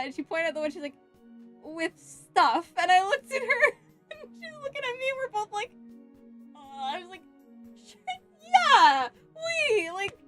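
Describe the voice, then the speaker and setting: A young adult woman chatting casually on a cosplay livestream while she works, telling stories with frequent giggles. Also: high voice. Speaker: cosplay streamer.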